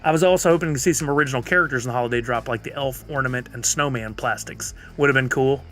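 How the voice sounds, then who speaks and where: A man's voice: medium pitch, fast, a bit bright, faint music behind. A man streaming live, chatting casually and answering viewers' comments. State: has the hiccups.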